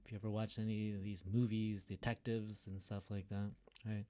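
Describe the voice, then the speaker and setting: A man's voice: lowish voice, little pitch movement, normal speed, warm tone. A man teaching an online reading lesson, talking casually, stopping often to explain and joke. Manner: chatty, stops to explain and joke.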